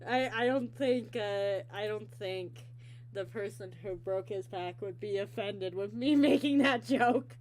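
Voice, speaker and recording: A woman's voice: mid-range voice, unhurried, a little mellow. A woman hosting a casual interview show, rambling and giggly, teasing herself as she talks.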